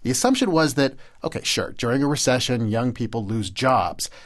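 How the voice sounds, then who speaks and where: A man's voice: mid-range voice, expressive, brisk. Playful man co-hosting a radio show. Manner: playful, bantering. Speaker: radio co-host. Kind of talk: radio narration and banter.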